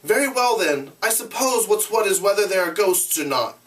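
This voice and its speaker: A man's voice: high-pitched, animated, moderate pace, fairly bright tone, distant mic, voice pushed up. Ralph: a man playing an earnest worried boy leader. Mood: earnest, urgent. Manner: earnest and urgent.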